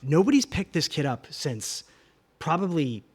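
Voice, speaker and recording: A husky-voiced middle-aged man spinning a story on a podcast. His pitch swings widely as he builds the tale. He is animated and profane, and he sometimes drops to a whisper for effect. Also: a little slow. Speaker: podcast co-host. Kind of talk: casual storytelling chat.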